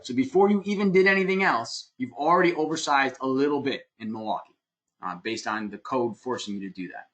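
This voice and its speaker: A man's voice: medium pitch, fairly quick, fairly bright tone. A man presenting an online webinar lecture, plainspoken and emphatic, explaining things step by step with some fillers, on a computer mic. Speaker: webinar presenter on heating and cooling design.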